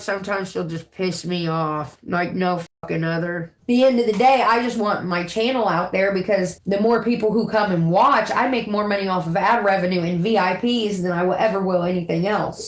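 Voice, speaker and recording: Host donna, del Midwest americano, parlata rapidissima e sboccata, tono aggressivo in diretta. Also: female voice, mid-range voice. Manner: brash, profane, combative. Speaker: livestreaming YouTuber. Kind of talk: casual livestream rant.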